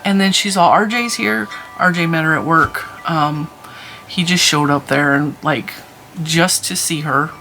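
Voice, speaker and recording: Bright-voiced woman in candid vlog chat. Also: low voice, measured pace, soft background music. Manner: candid, rambling storytelling. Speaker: crafting channel host.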